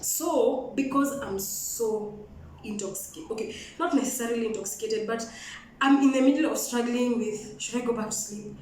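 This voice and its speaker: A young woman with a Kenyan accent telling a personal story in an animated, frank way, switching between English and Swahili. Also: a little high, normal speed, slight background noise. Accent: Kenyan, mixing Swahili and Sheng. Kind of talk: storytime vlog. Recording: echoey room, mic at a distance.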